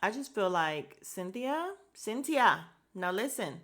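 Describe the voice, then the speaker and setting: A woman hosting a podcast, recapping a reality show in a blunt, animated, casual way with laughing asides. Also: mid-range voice, slow. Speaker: podcast host.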